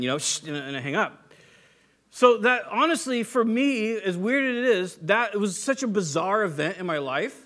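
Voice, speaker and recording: A man's voice: sits high, animated, fairly quick, bright, forceful tone. A man in his thirties preaching a sermon in a loose, conversational way, telling stories on himself and acting out the voices he quotes. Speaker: pastor.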